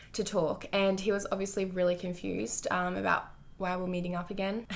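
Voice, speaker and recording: A woman's voice: lowish voice, vocal fry. A young woman telling a personal storytime to her vlog viewers, candid and full of "like" fillers and swearing. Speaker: vlogger.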